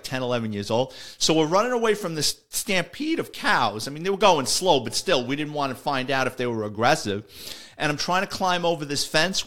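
A middle-aged man from the Bronx with a New York accent, a retired detective telling a story in a lively, salty way and acting out the dialogue. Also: mid-range voice. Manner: animated, swearing, acts out dialogue. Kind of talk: casual storytelling.

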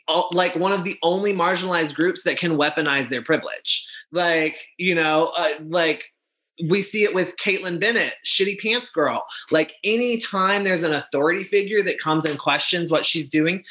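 A man's voice: high-pitched, animated, sharp tone. A man in a casual discussion, talking with passion, speeding up and stumbling over restarts and fillers. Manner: impassioned, fast-talking with frequent restarts and fillers.

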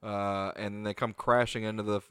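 A man co-hosting a casual podcast chat, retelling a movie scene by scene in an animated way, swearing freely and tossing in "dude". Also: lowish voice, fairly quick, smooth, no room sound, studio quality. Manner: animated storyteller, swears a lot, says "dude". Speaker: podcast co-host.

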